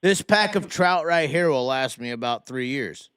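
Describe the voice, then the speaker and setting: A man's voice: medium pitch, lively intonation, normal speed, fairly bright tone, clean tone. A man hosting a podcast in casual chat, rowdy and swearing in jest with his guests. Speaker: podcast host.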